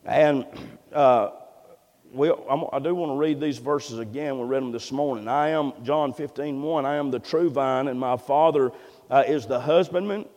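A man preaching a sermon, building to loud fervent passages and often repeating words as he goes. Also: mid-range voice, moderate pace, big-room sound. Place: church.

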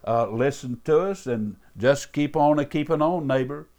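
A man's voice: fairly high pitch, moderate pace, a little mellow. A man, a pastor delivering a radio sermon in an earnest, fervent way, often saying uh and calling listeners beloved. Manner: earnest, fervent preaching with many uh fillers and repeated beloved.

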